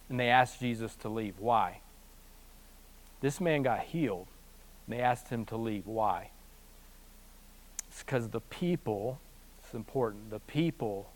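A man preaching a sermon, swinging between hushed, slow passages and loud, fast bursts, with humorous asides. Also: mid-range voice. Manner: animated storytelling with humorous asides. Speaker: pastor.

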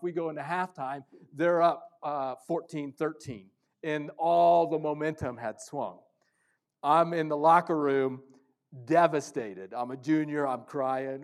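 A man preaching a sermon as pastor, telling a story and swinging from loud bursts to hushed lines. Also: fairly high pitch.

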